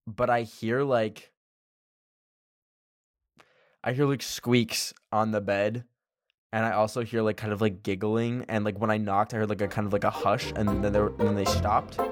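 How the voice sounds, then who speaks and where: A young man from Canada casually telling a personal story, animated, laughing often and swearing casually. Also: on the low side, normal speed, no room sound, studio quality, soft background music. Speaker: vlogger.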